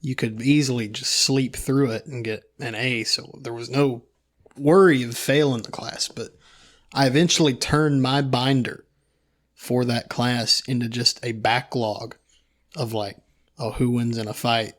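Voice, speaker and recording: A man's voice: medium pitch, steady tone, unhurried. A young man with a light Eastern Kentucky accent, co-hosting a podcast with dry, wry remarks. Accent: Eastern Kentucky, light drawl. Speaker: podcast co-host. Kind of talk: casual chat.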